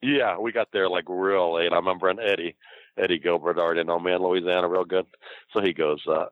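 A man's voice: low-pitched, fairly even intonation, a little fast, no echo. An older man telling rambling, profane stories from his wrestling career in a casual chat, laughing often. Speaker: guest recounting wrestling career. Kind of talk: casual storytelling. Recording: dull lo-fi dry recording.

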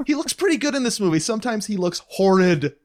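A man co-hosting a casual podcast chat, joking with quick asides and laughing often. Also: sits high, big pitch swings. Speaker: podcast co-host.

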